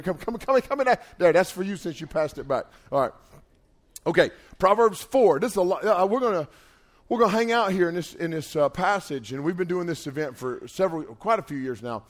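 Fortysomething guy preaching, slightly high voice, chatty and emphatic. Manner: casual, emphatic, builds to loud urging. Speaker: pastor. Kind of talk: sermon to young people.

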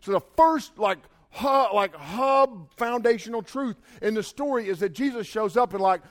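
A middle-aged man delivers an animated sermon to a conference crowd, moving between casual asides and shouted, dramatic lines. His voice is high-pitched and his pace is moderate.

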